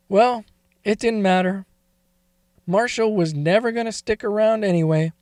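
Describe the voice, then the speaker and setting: A man's voice: sits high, warm tone, dry recording, clean studio sound. A man telling a first-person confessional story in a confiding, emotional way that wavers toward tears.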